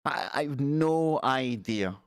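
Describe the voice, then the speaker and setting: A man's voice: medium pitch, expressive, takes it slowly, clean tone, no room sound, clean studio sound. A man in his forties hosting a live stream, chatting in a rambling, joking way and reading out viewer messages. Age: 40s. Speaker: live-stream show host. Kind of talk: casual live-stream chat.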